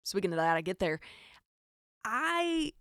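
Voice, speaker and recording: A woman from Arkansas with a Southern Arkansas accent, telling a funny story as a podcast host, with animated, exasperated asides. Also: medium pitch, unhurried, no echo, studio quality. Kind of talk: comedic storytelling monologue.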